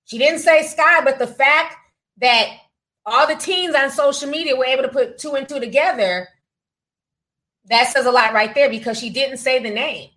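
A woman's voice: high-pitched, normal speed, sharp tone, poor audio. A woman hosting a casual gossip livestream, reading viewer comments aloud with sassy asides and frequent laughs. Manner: chatty, sassy, laughs often, says honey and child. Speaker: livestream host reading super chats.

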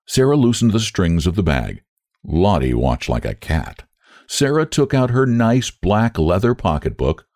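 Low, expressive male storyteller. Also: no room sound, clean studio sound. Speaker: audiobook narrator. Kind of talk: storybook narration.

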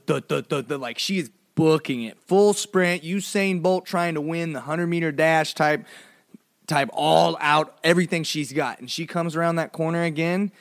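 A man's voice: dry recording, studio quality. A man hosting a podcast, casually telling a funny childhood story, full of "like" and playful asides. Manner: animated, swings between low mumbles and high exclamations; lots of "like" fillers, playful. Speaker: podcast host.

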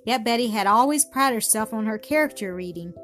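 A woman's voice: a little high, lively intonation, brisk, a bit bright. Woman reading a story over music. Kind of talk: scripted narration. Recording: music playing behind the voice.

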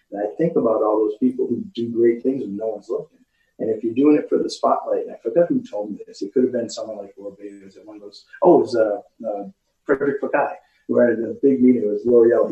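Middle-aged man, guest, lively storyteller, warm mellow tone, a bit off-mic in an echoey room, muffled recording. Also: fairly low pitch. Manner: storytelling with put-on voices and laughs. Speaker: podcast guest. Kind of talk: animated casual chat. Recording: roomy, distant, muffled recording.

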